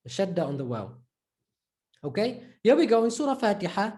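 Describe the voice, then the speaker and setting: Patient man teaching in a mellow voice. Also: high-pitched, big pitch swings. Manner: patient, repeats example words slowly and drawn out; informal, fillers like "right?" and "okay". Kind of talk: recorded online lesson.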